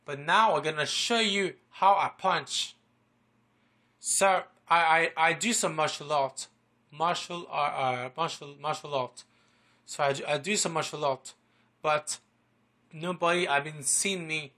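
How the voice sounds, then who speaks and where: Bright-voiced rambling man, boastful vlogger. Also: on the high side. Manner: rambling, repeats words, swears a lot, boastful. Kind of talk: rambling casual vlog.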